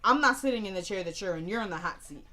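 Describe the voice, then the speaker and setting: A woman giving a casual, animated recap of a TV episode, slangy and opinionated as she tells the story. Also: mid-range voice, fast talker.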